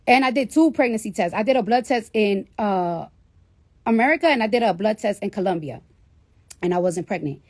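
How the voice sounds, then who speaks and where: A woman's voice: medium pitch, lively intonation, a little fast, no echo, clean studio sound. A woman casually telling a personal story to a live audience, candid and full of swearing. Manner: candid, profanity-laden, chatty. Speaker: livestreamer.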